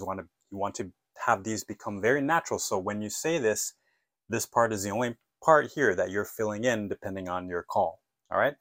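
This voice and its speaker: A man teaching an English lesson, modeling phone phrases clearly and patiently asking listeners to repeat after him. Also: lowish voice, fairly bright tone, no echo.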